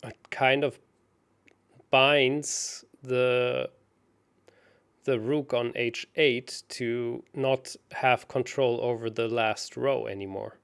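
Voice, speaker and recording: A man talks slowly through a chess puzzle, thinking aloud and often stopping to correct himself. His voice has a gravelly, creaky edge. He pokes fun at his own mistakes. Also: medium pitch, steady tone, a bit bright. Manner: thinks aloud, hesitant, self-mocking. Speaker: chess co-host solving puzzles. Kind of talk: casual puzzle-solving chat.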